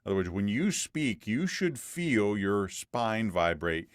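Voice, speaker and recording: A man's voice: fairly low pitch, very animated, a little slow, no echo, studio quality. A man coaching a student through a one-on-one voice lesson, patient and demonstrative, repeating points for emphasis.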